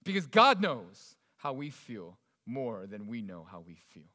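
A man preaching a sermon in an expressive, conversational way, swinging between loud emphasis and quiet asides. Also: mid-range voice, unhurried. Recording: long reverb of a large hall.

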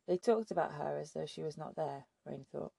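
A woman reading a novel aloud as an audiobook narrator, in a steady, measured storytelling manner. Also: low-pitched, creaky, breathy edge, dry recording. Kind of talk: scripted narration.

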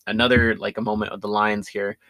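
A man's voice: lowish voice, level tone, a little fast, bright, forceful tone, no room sound. A man in casual conversation, recapping a film with enthusiasm, often laughing and restarting his sentences. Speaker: podcast co-host.

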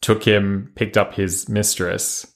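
A man's voice: lowish voice, level tone, takes it slowly. A man co-hosting a podcast, casually retelling stories with many "um" and "like" fillers. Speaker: podcast co-host. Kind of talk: casual chat, storytelling.

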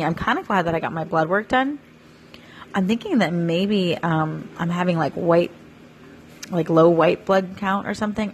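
A woman's voice: fairly low pitch, a little hiss or hum. A woman, chatting casually to her viewers in a rambling way with lots of fillers. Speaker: vlogger and small business owner. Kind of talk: casual chat to camera.

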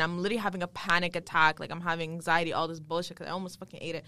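Young woman, fast, lowish voice, casual chat, dry mic. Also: steady tone, bright, forceful tone, no echo. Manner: rapid, profane storytelling.

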